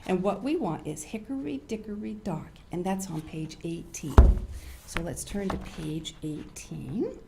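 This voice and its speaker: An older woman hosting a children's show, reading stories in an animated, sing-song way. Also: fairly low pitch, a little slow, creaky, heavy background noise. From United States. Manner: animated, sing-song storyteller, acts out loud and whispered voices. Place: studio.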